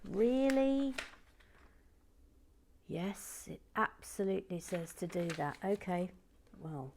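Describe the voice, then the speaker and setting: A woman's voice: lowish voice, a little slow, a little hiss or hum. A woman chatting casually to herself while building LEGO, wry and talkative as she reads out viewer comments.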